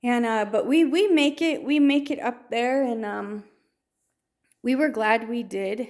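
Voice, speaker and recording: A woman's voice: fairly high pitch, measured pace, darkish tone. A woman telling a personal faith story in a storytelling way, with many restarts and fillers. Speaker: testimony speaker.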